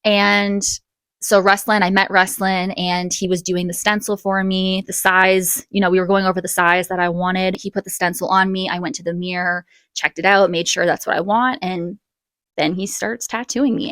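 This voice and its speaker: A young woman telling a casual storytime vlog, chatty and animated, with quick bursts and gasps. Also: fairly low pitch, dry recording. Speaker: vlogger.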